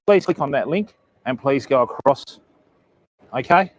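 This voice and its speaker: A man's voice: mid-range voice, animated, a little slow, poor audio. An Australian man chatting casually with viewers on his live stream while fishing outdoors at night, greeting each viewer by name and calling them mate and bud. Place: remote beach at night, outdoors.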